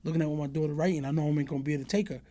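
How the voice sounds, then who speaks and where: A middle-aged man recounts his past in a relaxed interview, his voice pitched a bit high but dark and mellow in tone. He slips into the voices of the people he describes and keeps leaning on "you know what I mean". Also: rapid-fire. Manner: animated, acts out the voices of the people in his stories. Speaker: interview guest. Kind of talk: casual storytelling.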